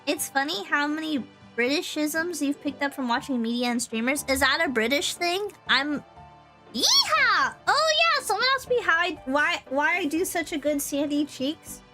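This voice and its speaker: High, bright-voiced giggly woman streamer. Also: moderate pace, hardly any pauses, soft background music. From Texas. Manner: rambling, giggly, lots of "like" and "um". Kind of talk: casual chat.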